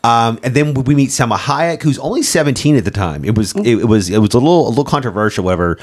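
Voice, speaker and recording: A man talking loosely about a film, his sentences piling up with fillers and restarts. He swears freely and laughs as he retells scenes, with a voice of middling pitch. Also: animated, fast talker. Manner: rambling, heavy on "like" fillers and swearing. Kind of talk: casual film chat.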